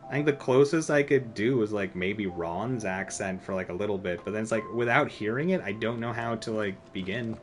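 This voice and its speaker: A man's voice: on the low side, fairly quick, hardly any pauses. A man streaming a video game, chatting casually in a rambling, self-deprecating way full of filler words. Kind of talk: casual gameplay commentary.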